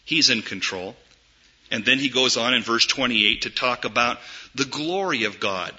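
Emphatic preacher, bright but husky, slow. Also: male voice, lively intonation. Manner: dramatic preaching, swings from loud emphatic peaks to hushed low asides. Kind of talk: sermon. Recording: dull lo-fi recording.

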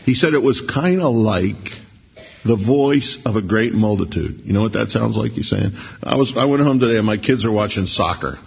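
Gravelly, husky male preacher. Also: fairly low pitch, animated. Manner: conversational, anecdotal, slows down for scripture reading. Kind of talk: sermon. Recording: dull lo-fi sermon recording.

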